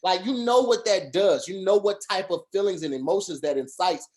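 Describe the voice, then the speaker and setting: A man's voice: high voice, fairly quick, a little mellow. A man co-hosting a casual podcast chat over a video call, talking earnestly in long rambling runs with restarts and fillers. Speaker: podcast co-host.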